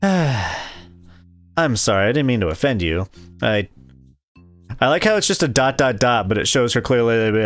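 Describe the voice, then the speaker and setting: A man hosting a story game playthrough, reading the text and joking about it in an animated, self-correcting way. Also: medium pitch, normal speed, faint music behind. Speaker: let's play host.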